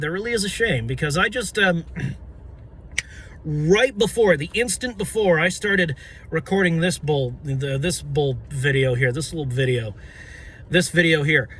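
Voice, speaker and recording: A young man ranting about football, excitable and profane, shouting and stumbling over his words. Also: a little high, a little hiss or hum. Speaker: sports fan vlogger. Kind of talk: ranting fan commentary.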